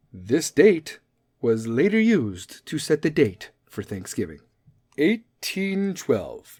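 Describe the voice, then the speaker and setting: A man hosts a casual podcast, reading out history facts and cutting in with profane, sarcastic jokes. His voice sits a bit high for a man. The sound is close and dry, with no room around it. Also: a little mellow, no echo. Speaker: podcast host. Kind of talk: casual comedic commentary.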